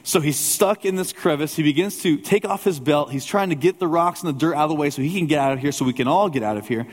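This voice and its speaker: A man's voice: on the high side, fast. A male pastor preaching a sermon in a church, telling a personal story in a conversational way with humorous asides. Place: church sanctuary with a congregation. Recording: long hall reverb.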